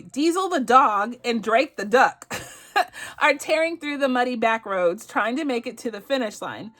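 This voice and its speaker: Soft music plays behind a budgeting channel host whose fairly high voice is expressive, unhurried and a little bright. Bubbly and giggly, she gushes over savings challenges in casual chat and says "y'all."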